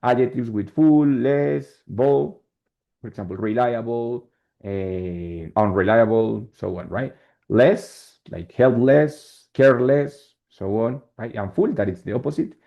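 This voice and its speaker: A man's voice: mid-range voice, slow pace, creaky. A man with a Spanish accent teaching an English lesson in a classroom, explaining step by step and often checking with "right?". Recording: dull lo-fi classroom recording.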